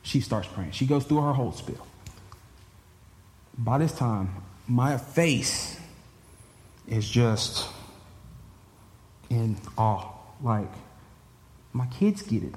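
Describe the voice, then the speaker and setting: An animated man tells his story to a congregation in a plain, mid-pitched voice. His words carry a long reverb off the walls of a large hall, and a faint room hum sits behind him. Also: takes it slowly, pauses often. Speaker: churchgoer giving a personal testimony. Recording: echoey hall with faint ambience.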